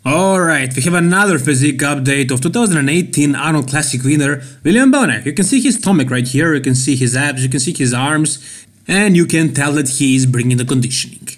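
A man with a Serbian accent delivers opinionated bodybuilding commentary for his vlog. His voice sits a little high, and he hammers his points home by repeating words. It is plain, direct vlog talk. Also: expressive, a little fast. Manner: emphatic, repeats key words for stress. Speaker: bodybuilding channel host.

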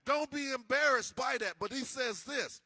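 Bright-voiced preaching pastor, man. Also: very high-pitched, moderate pace, dry recording. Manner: preaching with rising, sing-song emphasis and repeated restarts. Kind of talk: sermon. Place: church.

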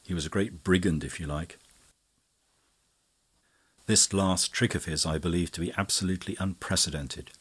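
A man's voice: low voice, normal speed, pauses often, breathy edge. A man voicing a brusque, talkative police officer in a storybook reading. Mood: grudging admiration. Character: middle-aged male police officer, brusque and voluble.

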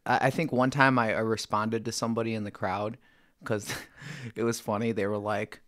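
A man's voice: fairly low pitch, level tone, moderate pace, fairly bright tone, dry recording, clean studio sound. A man guest on a podcast, chatting casually in short reactions and laughing along.

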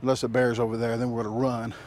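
A man's voice: mid-range voice, little pitch movement, quick pace, a little mellow. A man hosting a casual outdoor vlog, rambling and joking with lots of fillers, recorded on an action camera in the woods. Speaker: vlogger.

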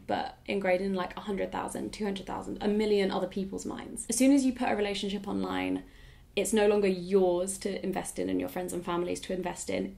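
Her voice is medium in pitch, creaky, and a little mellow as this woman in her twenties responds to questions from her viewers. The YouTuber's laid-back Q&A is thoughtful in tone and peppered with "like."

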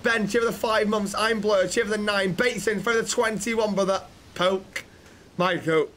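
Male streamer, casual and easygoing, voice sits a little high. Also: fairly even intonation, moderate pace, a bit bright, slight background noise. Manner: laid-back, chats with viewers, thanks subscribers. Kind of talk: casual gaming chat and roleplay.

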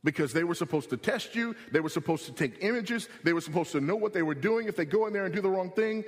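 A man preaching a sermon as pastor, emphatic, repeating his key points and rising in pitch when he presses them. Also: expressive, quick pace, hardly any pauses. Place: church sanctuary. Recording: long hall reverb.

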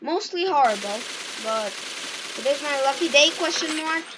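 A woman giving casual, excitable gameplay commentary and shouting at the game. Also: high-pitched, normal speed, background noise. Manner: excitable, yelps and shouts at the game, self-mocking. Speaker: gaming YouTuber.

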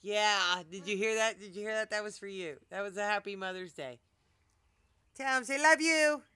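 Middle-aged woman vlogger, chatty and coaxing, crisp voice. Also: mid-range voice, moderate pace, bright, forceful tone. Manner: chatty, coaxing, talks to her pets. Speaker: vlogger with pet monkeys. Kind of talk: casual home vlog.

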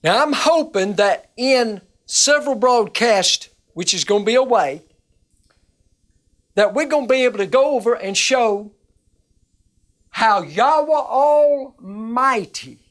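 Slow, earnest woman preaching on television. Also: fairly high pitch. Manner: earnest, emphatic, repeats words when excited. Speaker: minister. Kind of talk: televised Bible teaching.

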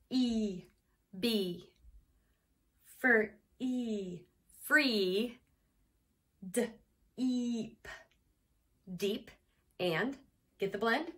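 Slow, patient woman teaching phonics. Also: a little high, sharp tone. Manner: slow, patient, sounding out letters and clapping syllables. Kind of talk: phonics lesson for young children.

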